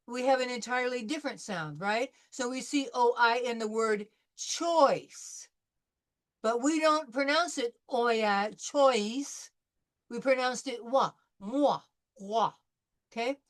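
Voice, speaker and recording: A woman teaching French pronunciation to a class. She calls on students one by one, models each sound slowly and repeats it, and gives patient, encouraging feedback. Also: high-pitched, a bit bright. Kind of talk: pronunciation drill in a live class.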